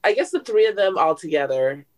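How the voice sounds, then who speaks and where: A woman's voice: fairly low pitch, animated, a little fast. A woman telling family stories in a casual chat, with dry, sarcastic humor.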